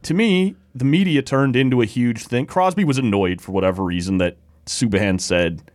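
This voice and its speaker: A man's voice: medium pitch, moderate pace, darkish tone, dry recording, clean studio sound. A man co-hosting a sports podcast, chatting casually about hockey, laughing often and acting out quotes.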